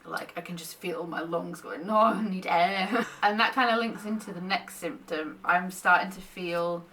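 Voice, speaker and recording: A woman's voice: lowish voice, moderate pace, pushed and bright, distant mic, a little hiss or hum. A young woman in pregnancy, chatting casually to camera and often short of breath, laughing between thoughts. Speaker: vlogger sharing pregnancy updates.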